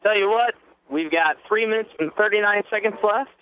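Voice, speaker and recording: Man, radio color commentator, bright tense tone, a bit high, easygoing, explains plays. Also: a little fast, a little hiss or hum, poor audio. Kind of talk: local radio sports commentary.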